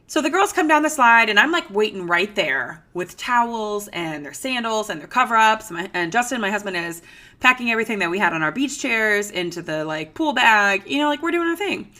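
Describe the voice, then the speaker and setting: A woman in her thirties hosting a podcast, telling a story in a chatty, animated way with lots of fillers. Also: mid-range voice. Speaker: podcast host. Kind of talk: casual storytelling monologue.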